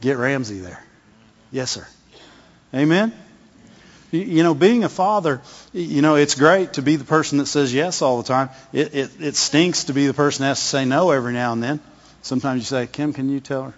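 A man's voice: on the high side, a little fast, some chatter behind. A man preaching a conversational sermon in a reverberant hall. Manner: conversational, repeats words, asks the congregation "Amen?". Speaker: pastor. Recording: long hall reverb, dull lo-fi sound.

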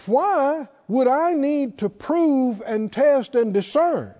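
A man's voice: very high-pitched, animated, slow, mellow. A male pastor preaching a sermon, calling on the congregation to answer back. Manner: call-and-response preaching, asks the congregation to answer. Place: church sanctuary. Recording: echoey hall, dull lo-fi sound.

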